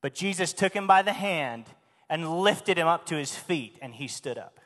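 A man's voice: on the high side, animated, moderate pace, fairly bright tone. A man preaching a sermon in a church, speaking emphatically and asking the congregation questions. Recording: long hall reverb.

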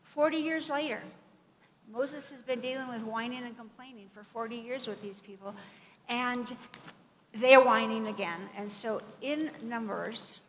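A middle-aged woman preaching a sermon in a conversational, animated way, with asides and acted-out quotes. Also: a little high, measured pace. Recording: long hall reverb, faint background noise.

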